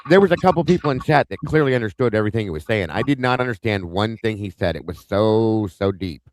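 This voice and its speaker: A man's voice: fairly low pitch, animated, fast talker, no room sound. A man from Ohio on a live stream panel, reminiscing in long rambling anecdotes. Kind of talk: casual panel chat.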